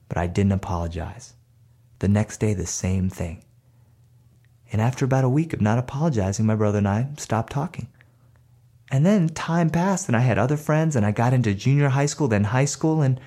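A man telling a personal story aloud in an animated, conversational way. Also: medium pitch, normal speed.

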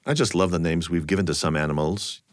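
A man with a fairly low voice hosts the show, narrating from a script and putting questions to his guest. He sounds amused and chuckles easily. The recording is dry and close. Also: fast talker, dry recording. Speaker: radio show host.

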